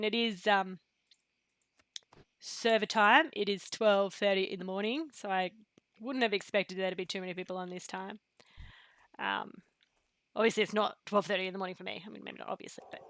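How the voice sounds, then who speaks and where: A chatty woman talks through her game on a live stream, wandering from thought to thought with plenty of ums. Her pitch sits in an ordinary middle range, and she slips into quiet near-whispered asides now and then. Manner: rambling, chatty, full of fillers and pop-culture quotes. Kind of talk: casual live-stream chat while gaming.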